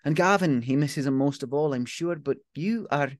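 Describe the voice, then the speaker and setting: A man putting on a gruff, big-hearted pub landlady in her late thirties, her voice pushed up higher than his own. She talks brusquely but warmly, in a dry, close sound with no room around it. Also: moderate pace, dry recording, lightly acted. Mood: tender, reassuring. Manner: gruff, then softening and tender. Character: tough but caring Glasgow pub landlady, late 30s.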